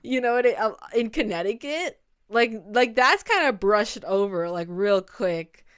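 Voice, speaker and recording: A woman's voice: on the high side, lively intonation, measured pace, clean tone. A young woman in casual commentary, chatting loosely with many "like" fillers and restarts. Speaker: video essay host.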